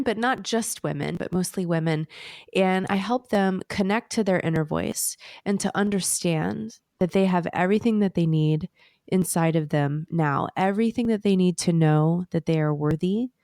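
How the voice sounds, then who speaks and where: A woman's voice: fairly low pitch, darkish tone, no room sound, studio quality. A woman guest on a podcast, an inner voice coach, talking in an effusive, earnest way. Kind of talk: casual interview chat.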